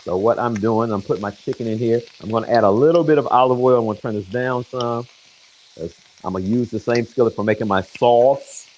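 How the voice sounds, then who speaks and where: This is a relaxed live cooking chat: a man in his home kitchen jokes around with his viewers by name as food sizzles in the pan. His medium-pitched, slightly mellow voice moves at a brisk clip, and the poor audio carries some faint background noise.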